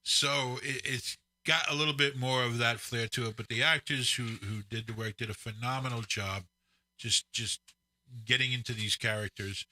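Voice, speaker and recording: A middle-aged man co-hosting a casual chat, recalling the past in a measured, reflective way. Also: mid-range voice, fairly even intonation, bright, forceful tone, dry recording. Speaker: co-host.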